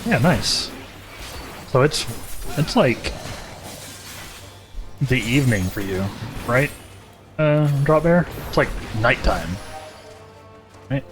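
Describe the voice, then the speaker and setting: A man's voice: medium pitch, expressive, takes it slowly, long pauses, soft background music. A man chatting casually with his viewers while playing a game, easygoing and talkative. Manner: easygoing, chatty, addresses chat directly. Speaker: livestreamer.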